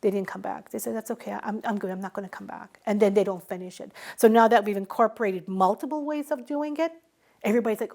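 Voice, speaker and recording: A woman's voice: medium pitch, quick pace, gravelly. A middle-aged woman in a conversational interview, telling stories and acting out the dialogue she quotes. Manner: animated, acts out quoted dialogue. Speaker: interviewee, small business owner.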